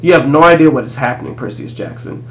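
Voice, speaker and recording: A man reading aloud, voicing a monster posing as a male teacher, slow and sinister. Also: a little high, muffled recording, soft background music, close to an everyday voice. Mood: menacing.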